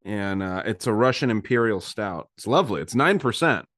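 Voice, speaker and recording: A man on a podcast talking in a relaxed, joking way while he shows off beers. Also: on the low side, normal speed, no echo, studio quality. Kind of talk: casual chat.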